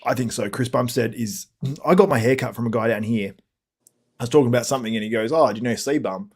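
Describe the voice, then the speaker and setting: A man's voice: mid-range voice, quick pace, darkish tone, slightly rough. Young guy hosting, chill and chatty, laughs a lot. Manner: easygoing, laughs along, asks questions. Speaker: host. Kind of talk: casual chat, interviewing.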